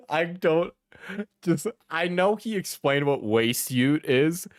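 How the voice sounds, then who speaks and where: Young dude on stream reacting, laughs constantly, says dude and bro a lot, repeats himself, dead dry mic. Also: male voice, a little high, lively intonation, very slow, dry recording. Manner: laughs often, swears, repeats words, blunt opinions. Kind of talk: casual reaction commentary.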